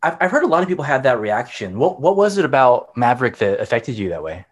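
A man in casual podcast chat, filling gaps with ums and short reactions. His pitch jumps sharply up and down even in short phrases. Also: quick pace, husky. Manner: hesitant, filler-heavy, reacts briefly. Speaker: podcast co-host.

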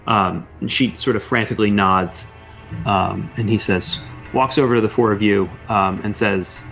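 Low-voiced male game master. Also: fairly even intonation, normal speed, creaky, a bit bright, soft background music. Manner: hesitant, lots of filler. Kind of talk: narrating a tabletop game.

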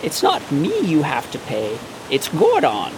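A man's voice: on the high side, huge pitch swings, measured pace, background noise. A man voicing Pops, an old man who gives fussy, courteous instructions in a raised voice. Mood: wry.

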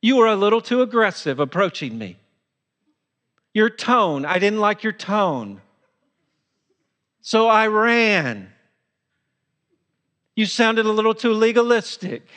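A man's voice: high-pitched, very animated, slow, long pauses, fairly bright tone, full character voice. A male pastor voicing Adam as an evasive first man who shifts the blame, speaking in a complaining, defensive way.

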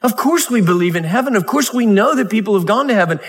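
A man's voice: sits high, lively intonation, fast. A man preaching a Wednesday night sermon, reading scripture and talking conversationally with laughs and mock voices. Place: church sanctuary. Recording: long hall reverb.

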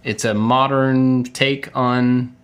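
A middle-aged man co-hosting a podcast, telling stories in a relaxed, chatty way with many fillers and laughs. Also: mid-range voice, slow pace, smooth. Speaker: podcast co-host. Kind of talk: casual chat.

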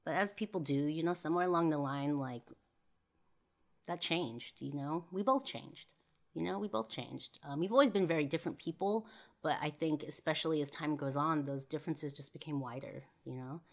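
A woman's voice: deep voice, moderate pace. A young woman hosting a podcast, telling a personal story in a rambling way full of "you know" and "like". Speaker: podcast host.

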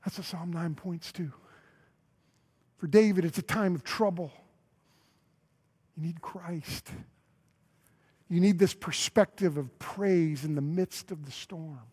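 A male pastor giving a sermon, telling a story with acted-out dialogue and dropping to a hush on key lines. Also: fairly high pitch, slow, pauses often, breathy edge.

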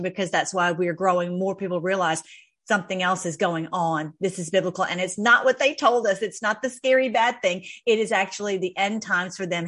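A woman's voice: mid-range voice, a bit bright. Effusive woman hosting her own channel. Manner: effusive, repeats phrases, many restarts. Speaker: host of an online video channel. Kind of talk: casual faith-based commentary.

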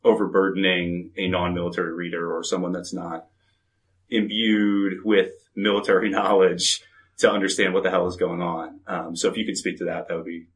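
Male moderator, very deep and even voice, easygoing question. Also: moderate pace. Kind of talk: panel discussion.

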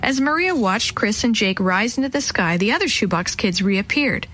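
A woman storyteller warmly reading a children's chapter book aloud, acting out the voices. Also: medium pitch, normal speed, a little hiss or hum, poor audio. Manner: warm, expressive reading, acts out voices.

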